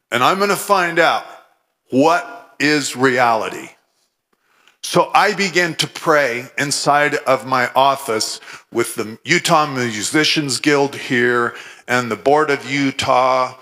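A man from Oregon giving a humorous, animated testimony sermon, with scripture recited fervently. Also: a little high. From Oregon, USA. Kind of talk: storytelling sermon.

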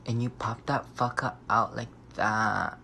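A man's voice: medium pitch, steady tone, a little slow, vocal fry, pushed and bright, slight background noise. A young man vlogging casually, sassy and profane, with dramatic shrieks and gasps. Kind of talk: casual vlog chat.

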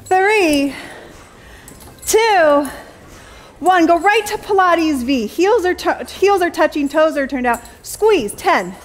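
A woman's voice: extremely high pitch, expressive, takes it slowly. A young adult woman teaching a Pilates jump board class, counting reps and cheering, a little out of breath. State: slightly out of breath. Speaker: Pilates instructor. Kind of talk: fitness class cueing.

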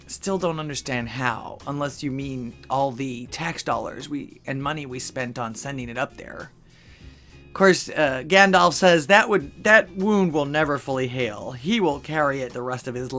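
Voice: medium pitch, a bit bright. A channel host at home in Texas, reading funny social media posts aloud and adding dry asides between them, with chuckles at the jokes.

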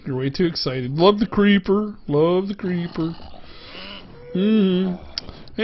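A man's voice: fairly high pitch, dull audio. A man with a Pittsburgh accent giving casual gameplay commentary as a game reviewer, chatting playfully to the animals he passes.

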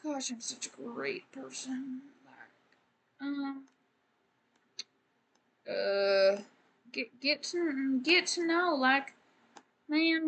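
A woman's voice: high voice, animated, slow, long pauses, sharp tone, breathy edge. A woman streamer giving casual gameplay commentary, rambling and joking as she talks to the game characters.

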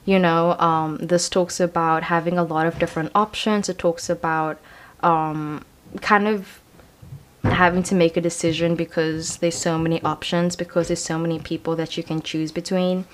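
Young female tarot reader, slightly low pitch, casual, reassuring, rambling delivery. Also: flat delivery, normal speed. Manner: chatty, reassuring, lots of "you know" and "um". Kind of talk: casual pick-a-card tarot reading.

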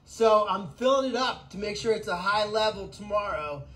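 High-voiced guy rambling excitedly outside on his animal farm, live vlog. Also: normal speed, low-quality recording. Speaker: animal sanctuary host. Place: outdoors on a farm.

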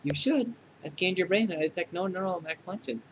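A man's voice: fairly quick, background noise, natural voice. A man voicing a smug female AI program. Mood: taunting. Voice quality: mocking, clinical put-downs. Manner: deadpan scolding that tips into shrill outbursts. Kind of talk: fan dub of a dating game.

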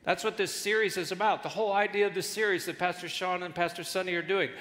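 A male guest pastor preaching a sermon with animated delivery and jokes, in a large church hall. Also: high voice, fast. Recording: echoey church hall with long reverb.

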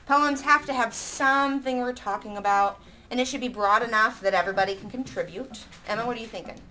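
A woman's voice: a little high, sharp tone, a little hiss or hum. Teacher woman drawing ideas from a class. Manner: reads lines slowly, counting syllables. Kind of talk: classroom lesson.

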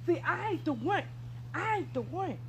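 A woman's voice: very high-pitched, lively intonation, normal speed, slight background noise, pitched above the performer's own voice. A woman doing a hot-tempered fighting teen girl. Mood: defiant. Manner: loud, confrontational, repeats taunts.

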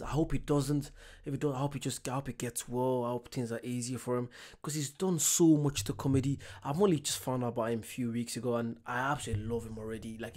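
A man's voice: mid-range voice, a little mellow. A man chatting casually as he reacts to a comedy clip, apologetic and enthusiastic. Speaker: reaction video host.

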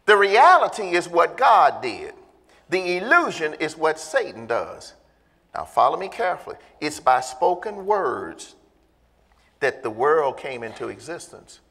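Man, pastor, emphatic sermon, high voice, long church-hall reverb. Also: very animated, a little slow, fairly bright tone, husky. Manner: emphatic preaching, drawing in the congregation with questions.

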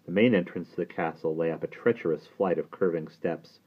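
A man reading a novel aloud in steady audiobook narration. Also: sits low, brisk, slightly rough. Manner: steady storytelling. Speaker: audiobook reader. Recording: tinny phone-like sound.

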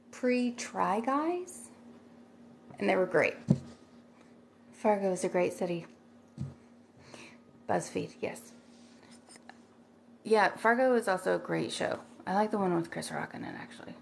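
A woman's voice: mid-range voice, lively intonation, measured pace, creaky, pauses often, slight background noise. A middle-aged woman chatting casually on a livestream, rambling and thanking viewers by name as she reads their comments.

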